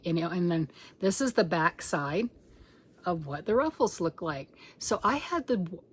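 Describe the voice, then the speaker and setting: A middle-aged woman hosting a crochet channel, chatting excitedly at home while showing a blanket she is making, and sometimes dropping into a whisper. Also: lowish voice. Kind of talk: casual show-and-tell chat.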